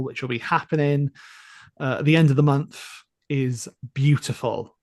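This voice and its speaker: A man's voice: medium pitch, no echo, studio quality. A man co-hosting a casual podcast, reading listener emails aloud with enthusiastic, chatty energy. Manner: enthusiastic, chatty, laughs often.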